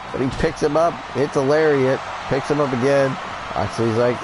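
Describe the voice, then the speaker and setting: A man giving excitable, profane play-by-play commentary on a wrestling video game as he plays, laughing often. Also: medium pitch, moderate pace, noisy background. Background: game music.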